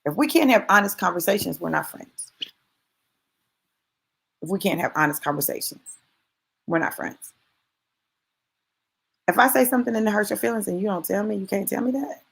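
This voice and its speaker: Racing along in a mid-range voice with vocal fry and a slight roughness, a woman delivers a motivational talk. She's conversational and emphatic, speaking right to her listeners and repeating key phrases for stress.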